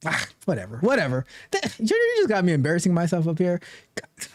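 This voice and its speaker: A man hosting a live tech stream, talking casually with animated, repetitive joking asides. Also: sits high, a little fast, a little hiss or hum. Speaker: livestream tech show host.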